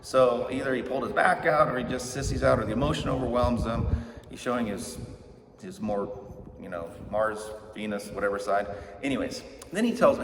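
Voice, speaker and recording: A middle-aged male pastor tells a scripture story with an easy, joking conversational delivery. He is heard from a distance in a church hall with a long echo. Steady background noise sits under his voice. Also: medium pitch, a little fast. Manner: joking, conversational, acts out characters' lines. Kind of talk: casual storytelling sermon. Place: church sanctuary.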